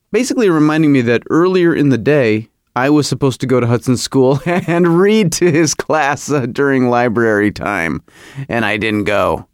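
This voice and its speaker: A middle-aged man hosting a podcast, telling a comic story in a rambling, animated, self-mocking way. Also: mid-range voice, dry recording, studio quality. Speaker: podcast host. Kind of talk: comedic podcast monologue.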